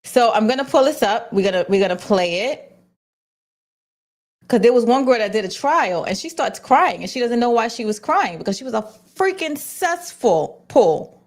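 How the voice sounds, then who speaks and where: A woman's voice: a little high, animated, normal speed, a little mellow. Blunt, profane woman streamer. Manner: blunt and profane, with frequent restarts. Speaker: host. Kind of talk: casual livestream commentary.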